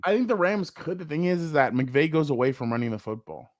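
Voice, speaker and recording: A man co-hosting a casual sports talk show, telling stories with animated, profane banter and acting out quotes. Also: on the high side, a little fast, no echo, studio quality. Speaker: co-host.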